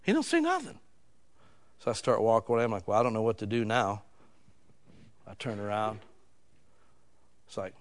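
A middle-aged man, preaching a sermon in a folksy storytelling way, swinging from loud emphatic lines to hushed ones. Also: mid-range voice. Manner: folksy, casual wording.

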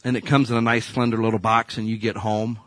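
Male pastor, sermon delivery, animated storyteller, bright and slightly high voice, dry recording. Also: fast talker, no echo. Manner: animated storytelling, swings from hushed to loud.

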